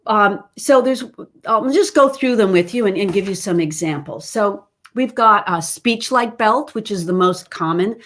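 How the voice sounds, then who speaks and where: A middle-aged woman teaching a livestream singing lesson, explaining in an animated way and breaking into sung demonstrations. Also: medium pitch, moderate pace.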